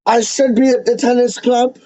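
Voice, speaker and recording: A man hosting a livestream as a self-styled, snobbish Englishman, rambling slowly in pompous rhyming nonsense. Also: very high-pitched, flat delivery, dark tone, no room sound. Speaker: livestream host. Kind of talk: comic in-character livestream ramble. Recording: dull, lo-fi, dry sound.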